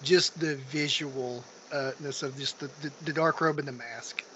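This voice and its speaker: A man co-hosting a casual movie podcast, talking haltingly with many fillers and restarts. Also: mid-range voice, steady tone. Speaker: podcast co-host. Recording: dull lo-fi sound with faint noise.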